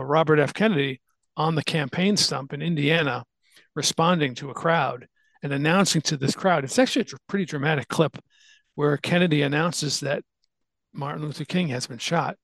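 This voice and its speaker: A man's voice: a little high, moderate pace, creaky, no echo. A man hosting a podcast, casually explaining history at length with fillers and restarts. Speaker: podcast host.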